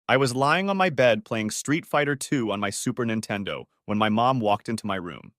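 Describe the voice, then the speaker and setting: A man narrating a first-person drama audiobook in a dramatic, expressive way. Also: mid-range voice, moderate pace, few pauses, no echo, studio quality.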